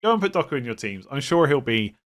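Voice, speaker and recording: A young man hosting a fantasy football channel, talking casually in an animated, opinionated way, often restarting his sentences. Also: mid-range voice, fast.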